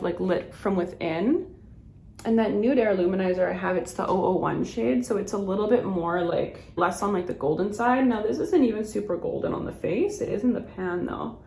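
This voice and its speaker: In a chatty get-ready-with-me video, a woman beauty vlogger talks through her makeup, rambling with plenty of "like" and laughter. Her mid-range voice has a darkish tone. The room is echoey, with a little hiss or hum.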